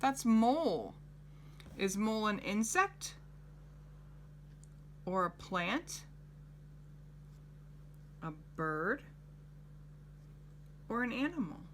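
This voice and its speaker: Slow, bright-voiced woman teaching young kids. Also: medium pitch, sing-song, a little hiss or hum. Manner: gentle, coaxing, asks the child questions. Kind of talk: children's lesson.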